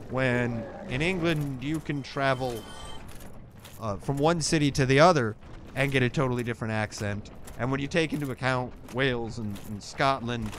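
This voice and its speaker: A man's voice: mid-range voice, fairly bright tone, slight background noise. Sarcastic, pedantic man commentating a game. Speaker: let's play co-host. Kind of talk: casual gaming commentary chat.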